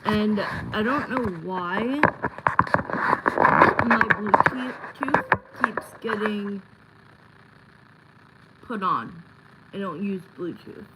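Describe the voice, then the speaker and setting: A woman's voice: mid-range voice, extremely slow, long pauses, very noisy. A woman hosting a tarot livestream, chatting casually and rambling with lots of fillers, recorded on a phone. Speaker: tarot reader livestream host.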